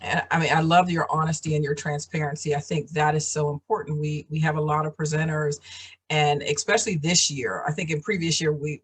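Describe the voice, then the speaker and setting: A woman's voice: sits low, level tone, brisk, breathy edge. A woman hosting a casual video call chat, encouraging and full of fillers and restarts. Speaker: program host.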